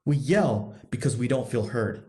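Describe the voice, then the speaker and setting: A man's voice: high-pitched, lively intonation, moderate pace, a little mellow. A man coaching husbands in a blunt, profane, emphatic monologue, hammering points home by repeating them. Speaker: podcast host, men's coach.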